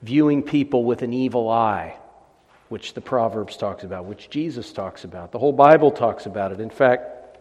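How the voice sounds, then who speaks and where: A man's voice: medium pitch, a little mellow, muffled recording. Emphatic preacher man in a reverberant hall. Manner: emphatic, deliberate, measured lists. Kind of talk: expository sermon.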